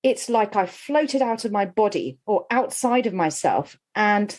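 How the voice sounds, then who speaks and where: A woman's voice: medium pitch, a little slow. A middle-aged woman, a well-being coach and podcast guest, telling a personal story candidly and with animation. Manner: candid, animated, laughs while telling stories. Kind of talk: conversational storytelling.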